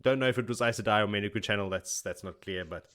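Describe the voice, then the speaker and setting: A man hosting a podcast, recapping a book in casual chat, laughing often and acting out characters' lines as quick paraphrased quotes. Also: on the low side, bright, forceful tone. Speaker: podcast host.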